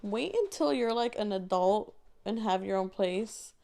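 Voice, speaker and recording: A woman's voice: medium pitch, expressive, unhurried, gravelly, warm tone. A young married woman co-hosting a podcast, chatting in an upbeat, chatty way. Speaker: podcast co-host. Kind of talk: casual chat.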